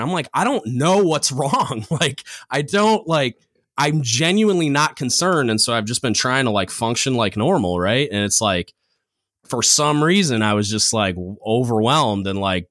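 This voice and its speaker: Bright-voiced man telling a rambling story. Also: medium pitch, dry recording, studio quality. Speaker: podcast co-host. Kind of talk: casual chat.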